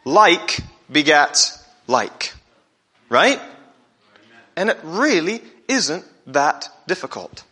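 A man preaching a sermon in church, talking in a conversational way, slowing down to stress scripture and asking the congregation questions. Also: on the high side, sing-song, bright, forceful tone, slightly rough.

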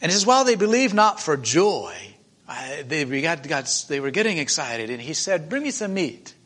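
A man with a high, bright voice preaches to a church meeting. He retells the story emotionally and conversationally, with frequent restarts. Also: sing-song, normal speed. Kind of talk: sermon retelling a scripture story.

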